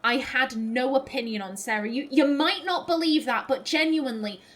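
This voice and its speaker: Swearing freely and ranting in frustration, a woman provides gameplay commentary as a let's play host. Her voice sits high, and she talks at a normal speed.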